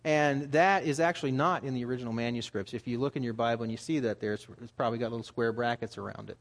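A man's voice: medium pitch, fast. A man preaching as a pastor, in a conversational style that builds to emphatic urging. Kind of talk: sermon.

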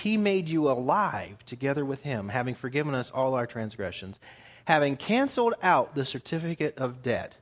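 A man preaching a sermon at a middle pitch. He reads scripture passages aloud, then explains them in plain, conversational terms.

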